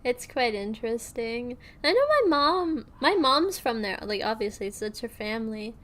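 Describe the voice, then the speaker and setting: A woman's voice: on the high side, lively intonation, normal speed, fairly bright tone. A young woman streaming, chatting casually and rambling with lots of fillers and restarts.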